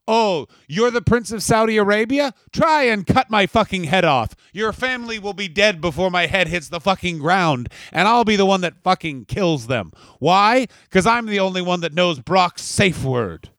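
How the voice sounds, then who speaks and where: A man's voice: high voice, animated, moderate pace, hardly any pauses, fairly bright tone, dry recording, pitched above the performer's own voice. A man putting on the voice of a ruthless, unhinged older male business mogul, speaking crudely and with boastful menace. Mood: menacing.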